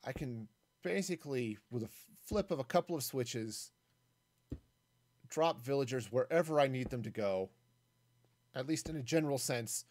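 A man's voice: mid-range voice, animated, moderate pace, pauses often, darkish tone. A man streaming a game solo, giving casual, rambling commentary as he builds, thinking aloud with self-mocking jokes and asides.

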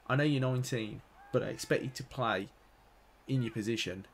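A man with a mid-range voice commentates live on his own football game session. He talks to himself, drops into low mutters, then bursts out loud when the play turns. A faint room hum sits under him. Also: fast. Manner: excitable, swings from muttering to loud outbursts. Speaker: gaming YouTuber playing career mode.

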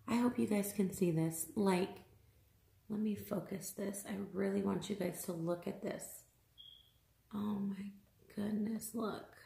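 An exasperated woman vlogger talks through an unboxing, circling back on the same complaints with plenty of fillers. Her voice sits at an ordinary middle pitch and bounces around an echoey room. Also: vocal fry, dark tone. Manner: upset, exasperated, repeats herself, many fillers.

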